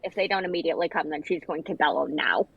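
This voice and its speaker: Low breathy woman, lo-fi. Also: fast talker. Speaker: player. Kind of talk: tabletop game play. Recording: dull lo-fi sound.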